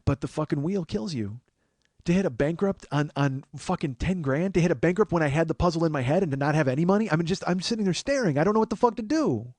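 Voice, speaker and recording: A man in his forties telling a comic story on his podcast, animated and profane, bursting into shouts when he quotes himself. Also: a little high, fast, dry recording. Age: 40s. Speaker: podcast host.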